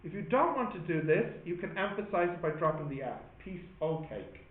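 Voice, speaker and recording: A man's voice: high voice, lively intonation, fast talker. A man with an Irish accent teaching a maths class, chatty and joking as he explains patiently. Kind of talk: classroom lesson. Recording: echoey classroom on a tinny phone-like line.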